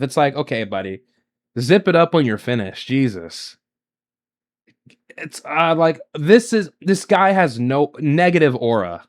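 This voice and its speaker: A man hosting a casual reaction commentary, sarcastic and mocking, jumping between loud jabs and low mutters. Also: animated, measured pace. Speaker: political commentary streamer.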